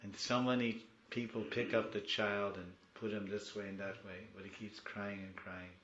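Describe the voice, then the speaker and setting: A man giving a devotional class, moving between soft storytelling and loud, pleading prayers. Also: lowish voice, flat delivery, moderate pace, reverberant, muffled recording, slight background noise.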